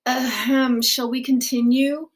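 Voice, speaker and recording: A woman's voice: sits high, flat delivery, slow pace. A woman reading the part of a brusque male official who questions a refugee, in a formal, clipped manner. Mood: awkward.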